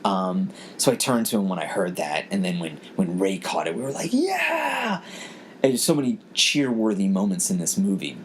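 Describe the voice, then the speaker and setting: Low-pitched and expressive, the man talks briskly with few pauses while a little hiss or hum runs underneath. He's a podcast host telling a personal story in a casual chat, with earnest emotion and lots of repeated words.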